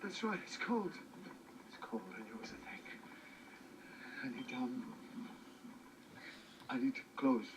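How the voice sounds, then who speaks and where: An actor with a Scottish accent plays a newly changed, eccentric male alien in film drama dialogue, rambling in baffled, excitable, jumpy fashion between thoughts. His medium-pitched voice moves slowly with long pauses, over background noise.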